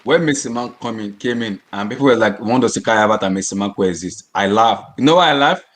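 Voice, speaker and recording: A man co-hosting a football podcast, arguing his points passionately, repeating words and shouting in bursts. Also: lowish voice, fast. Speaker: podcast co-host. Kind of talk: heated casual football chat.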